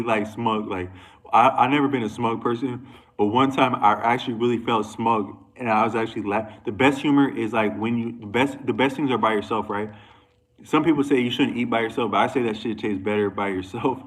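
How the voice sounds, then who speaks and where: A man's voice: mid-range voice, low-quality recording. A man talking to camera in a loose, rambling monologue, restarting sentences and going off on asides. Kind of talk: casual monologue.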